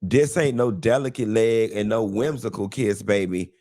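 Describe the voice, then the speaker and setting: A man hosting a live show, talking in a flamboyant, sassy way with drawn-out endearments and playful, dramatic rambling. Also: lowish voice, warm tone. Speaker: host. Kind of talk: live-stream commentary.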